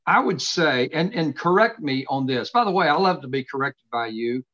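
A middle-aged man hosting a casual faith conversation, earnestly expounding scripture with slow, emphatic stresses from his home study. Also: a little high, expressive, a bit bright. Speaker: host. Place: home study with books behind him. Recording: dull lo-fi sound.

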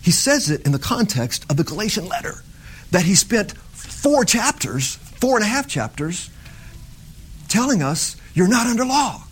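A middle-aged man delivers a loose, conversational sermon in a voice pitched a little above the usual for men. He talks to his listeners as if chatting, then lifts into fervent emphasis on the points that matter to him. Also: big pitch swings, normal speed, breathy edge. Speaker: preacher. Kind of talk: informal sermon.

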